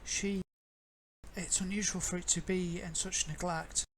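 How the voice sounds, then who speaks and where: A woman's voice: fairly low pitch, a crowd in the background, rough recording. Woman narrating as a game master. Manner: relaxed, halting with fillers and restarts.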